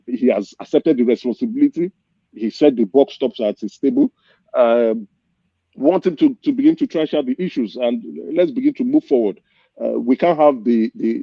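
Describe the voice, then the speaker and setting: A man's voice: mid-range voice, vocal fry, husky, dry recording, highs cut off. A man from southeast Nigeria, a panel guest giving impassioned political commentary, passionate and hesitant with many restarts.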